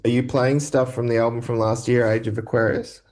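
A man's voice: mid-range voice, steady tone, fairly quick, darkish tone. A man interviewing a musician, asking short casual questions with brief friendly replies.

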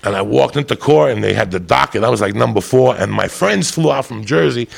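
A man doing profane stand-up, telling a story in a loud, brash, rambunctious way and swearing constantly. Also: mid-range voice, lively intonation, fairly quick, creaky, slightly rough. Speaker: stand-up comedian.

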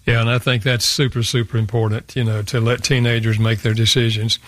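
A man's voice: medium pitch, level tone, brisk, fairly bright tone, no echo. An older man, a guest author, earnestly telling a personal story in an interview and often repeating words as he thinks aloud.

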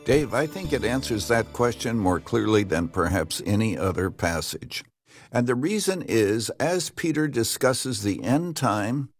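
An older man, a pastor, answering an announcer's question in a radio studio, earnest and measured. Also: fairly low pitch, slightly rough, dry recording. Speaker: pastor and radio Bible teacher.

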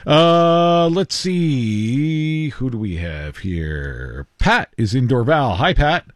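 A man's voice: mid-range voice, sing-song, no room sound. A man hosting a call-in radio show, upbeat and chatty, taking callers in a studio. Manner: upbeat, chatty, quick laughs. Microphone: studio mic.

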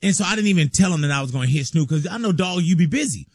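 A man hosting a radio show, telling stories in a lively way with frequent laughs. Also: fairly high pitch, racing, slightly rough. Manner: lively storyteller, laughs often. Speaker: radio host. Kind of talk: casual radio chat, storytelling. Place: radio studio.

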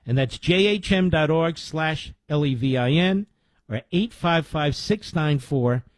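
A male talk radio host speaks emphatically in a folksy manner, leaning hard on his points. His voice sits somewhat high for a man. The studio sound is dry and close. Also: lively intonation, no room sound. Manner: emphatic, folksy, repeats details slowly. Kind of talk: live-read sponsor ad and commentary.

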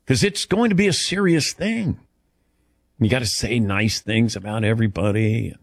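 A man's voice: on the low side, big pitch swings, measured pace, dry recording, studio quality. A middle-aged man hosting a call-in radio show, chatting casually with callers in a rambling, self-deprecating way.

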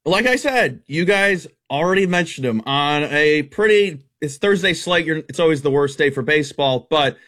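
A man working as a sports betting analyst, rattling off baseball stats quickly and bluntly on a radio show. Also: on the high side, animated, a bit bright. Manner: rapid stat-heavy, emphatic and blunt.

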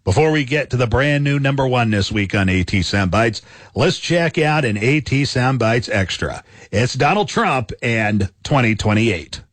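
A man hosting a weekly radio countdown of news soundbites, in upbeat announcer style with drawn-out emphasis. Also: mid-range voice, animated, dry recording.

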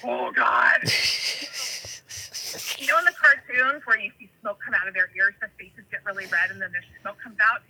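A woman from California telling animated, rambling stories in casual chat, full of tangents and fillers. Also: mid-range voice, fast, hardly any pauses, slightly rough, poor audio.

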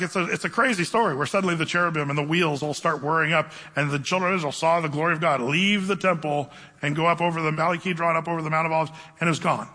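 A man delivers a lively, conversational sermon in a fairly high, bright voice. His words carry a long reverb from the hall around him, and he slows down deliberately when reading scripture. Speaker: pastor. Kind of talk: sermon Bible teaching.

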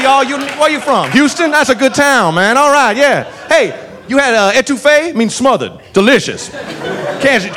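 A man voicing a huge, cheerful Southern police officer who stays calm and chatty, with a folksy Southern drawl. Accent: American Southern. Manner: cheery, folksy, high and lively. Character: jolly giant Southern cop, unflappable.

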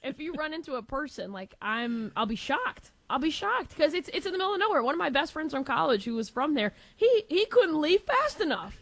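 A woman's voice: high-pitched, lively intonation, fast talker, gravelly, hardly any pauses, fairly bright tone, dry recording. A woman co-hosting a casual sports talk show, chatty and candid, laughing easily. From Northwest Indiana area.

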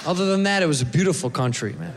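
Man, stand-up comedian, profane storyteller, high voice, long reverb. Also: expressive, fast talker, gravelly, background noise. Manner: storytelling, profane, acts out characters.

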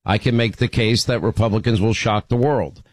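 Steady in tone and moderate in pace, a man with a voice on the low side hosts a radio call-in show through a studio microphone. He talks to callers conversationally, often restarting sentences and repeating words. The sound is dry and rough.

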